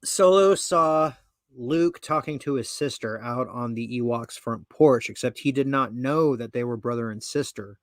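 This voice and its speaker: A man's voice: mid-range voice, measured pace, no room sound, clean studio sound. A man hosting a podcast who reads an article aloud and comments on it in a rambling, profane way. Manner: profane, rambling, full of fillers and asides. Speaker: podcast host.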